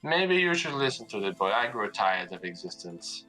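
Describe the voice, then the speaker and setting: A man's voice: fairly low pitch, very animated, normal speed, sharp tone, faint music behind, pitched below the performer's own voice, rough recording. A man playing a frail, weary old grandfather.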